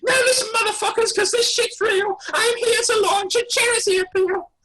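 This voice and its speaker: A man voicing a bossy, foul-mouthed elderly queen in a high, shouting put-on voice over a video call. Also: steady tone, moderate pace, background noise. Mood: brash shouting.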